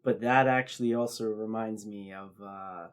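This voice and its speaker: Relaxed man telling a story haltingly. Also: lowish voice, smooth. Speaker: podcast co-host. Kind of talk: casual chat.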